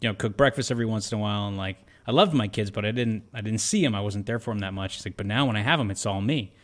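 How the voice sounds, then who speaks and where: A man's voice: on the low side, rapid-fire. A man co-hosting a movie podcast, casually chatting and acting out scenes from the film. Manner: animated, acts out movie lines in quotes. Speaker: podcast co-host. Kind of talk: casual movie review chat.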